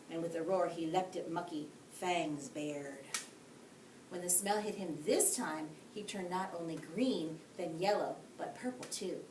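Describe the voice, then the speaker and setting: A woman teacher reading a bedtime story aloud, expressive, with friendly asides to young listeners. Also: fairly low pitch, measured pace. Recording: echoey room, distant mic, faint hiss.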